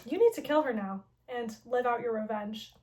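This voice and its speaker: A woman's voice: a little high, normal speed, mellow, slight background noise, lightly acted. Woman paraphrasing a taunting villain. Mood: mocking. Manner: casual paraphrase full of "like". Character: taunting male mad-scientist villain.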